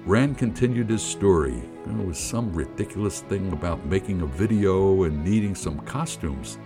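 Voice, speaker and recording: A middle-aged man telling a personal story in an animated, colloquial, jokey way. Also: low voice, normal speed, few pauses, over music. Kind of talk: personal anecdote narration.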